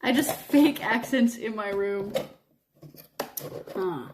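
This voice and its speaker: A woman chatting casually on a live stream, telling stories animatedly with drawn-out words, fillers and sudden high bursts. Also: background noise.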